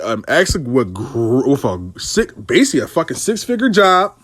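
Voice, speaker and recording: A man's voice: fairly high pitch, moderate pace, few pauses, husky, dry recording. A man telling a casual, profanity-laced story about his money coaching clients. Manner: animated, profane street talk.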